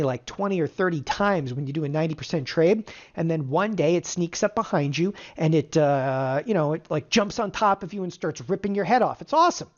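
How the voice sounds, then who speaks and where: Energetic middle-aged trading teacher, lo-fi audio. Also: mid-range voice. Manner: energetic, fires rhetorical questions at the audience. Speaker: options trading instructor. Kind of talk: live webinar teaching. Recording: dull lo-fi webinar audio.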